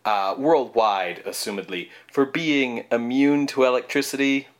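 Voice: mid-range voice, unhurried. Chatty podcast cohost, says like constantly, just hanging out talking. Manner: chatty, says 'like' often, playfully mimics lines. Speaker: podcast co-host. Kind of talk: casual chat.

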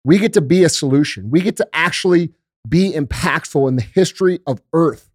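A man's voice: on the high side, animated, fairly quick, dry recording, clean studio sound. A young man hosting a show, giving a heartfelt, emotional monologue to his viewers with earnest passion and some swearing. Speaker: show host.

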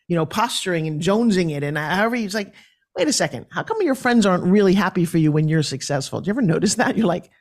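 A woman from New York, a podcast guest, telling her story in an animated and forthright way. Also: fairly low pitch, fast talker.

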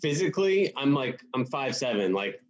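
Actor dude rambling, husky voice that goes up and down a lot, muffled lo-fi sound. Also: male voice, medium pitch, very animated, moderate pace, a loud crowd. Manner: hesitant, rambling, trails off with "I don't know". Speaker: actor, guest. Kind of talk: casual chat. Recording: muffled lo-fi audio.

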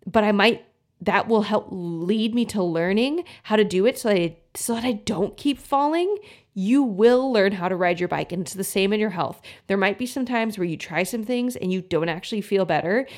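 A young woman hosting a podcast as a health coach, talking in a friendly, earnest way and acting out inner thoughts in animated little voices. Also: medium pitch. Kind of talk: casual solo podcast talk.

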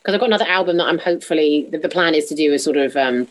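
Guest: bubbly thirties actress, lowish voice, animated storyteller who acts out quotes. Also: female voice, rapid-fire. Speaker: musical theatre actress, guest. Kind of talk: casual interview chat.

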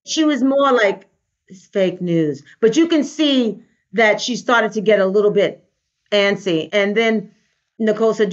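A woman, a life coach, telling an animated story in a casual interview and acting out the voices of the people she quotes. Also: medium pitch, a little slow. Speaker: guest, life coach and trainer. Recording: dull lo-fi recording.

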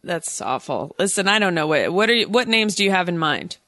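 A podcast host from Oakland, California, jokes her way through a casual phone chat, playful and breaking into silly voices. Her fairly low voice is very animated and a little fast, with a crowd audible behind her.

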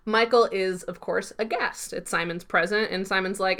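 A woman co-hosting a podcast, casually retelling a TV episode in a lively, chatty way with plenty of fillers. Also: mid-range voice, normal speed, hardly any pauses. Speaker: podcast co-host. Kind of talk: casual episode recap chat.

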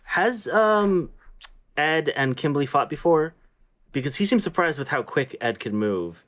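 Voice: mid-range voice, big pitch swings, measured pace, fairly bright tone. A podcast co-host chatting casually and thinking aloud with a lot of hedging. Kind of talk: casual chat.

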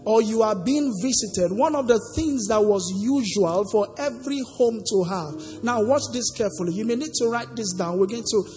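A man's voice: high-pitched, normal speed, few pauses, darkish tone. A man preaching a sermon, asking the congregation to finish the verses with him. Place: church sanctuary. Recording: long hall reverb with faint music.

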